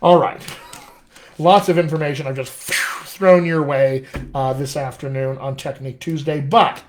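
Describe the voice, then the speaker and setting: A man who is a dialect coach giving an enthusiastic live acting lesson, talking straight to viewers and slowing down to read verse aloud. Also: a little high, steady tone, a little hiss or hum. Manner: enthusiastic, direct, addresses viewers as friends. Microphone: webcam or laptop mic on a live stream.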